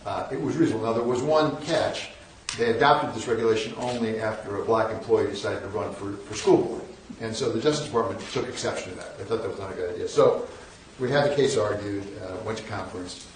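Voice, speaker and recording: A man's voice: on the low side, quick pace, slight background noise. Wry older man lecturing in an echoey hall. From northern United States. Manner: wry, self-deprecating anecdotes with frequent restarts. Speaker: guest lecturer. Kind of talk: storytelling lecture. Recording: echoey hall, mic at a distance.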